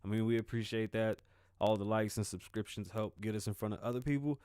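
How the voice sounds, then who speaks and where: Talking fast in a lowish, darkish, smooth voice, this podcast host from the Bronx rambles through a loose monologue in his Bronx New York accent, often laughing and cursing. The close-up mic picks up no room sound.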